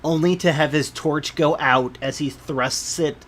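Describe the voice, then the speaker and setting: A man narrating a tabletop game as game master, describing scenes in a measured, descriptive way. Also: a little high, steady tone, noisy background.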